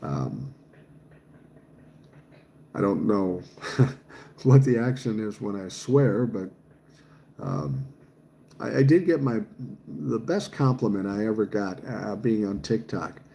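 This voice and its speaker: A man's voice: fairly low pitch, very animated, takes it slowly, gravelly, pauses often, warm tone, slight background noise. A man, chatting casually on a livestream and reading viewer comments aloud, swearing freely. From Minnesota, USA. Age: 60s. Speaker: livestream host reading chat.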